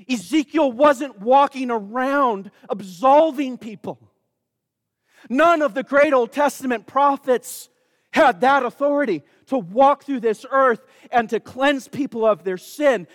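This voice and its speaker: High-voiced preacher giving an emphatic sermon. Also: male voice, unhurried, no room sound, clean studio sound, big-room sound. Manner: emphatic, calls on the congregation.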